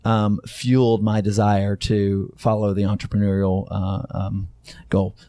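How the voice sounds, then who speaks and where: A man's voice: lowish voice, flat delivery, measured pace, warm tone, no room sound, studio quality. A middle-aged man from Texas, a company co-founder, telling stories in a casual interview with many fillers and restarts.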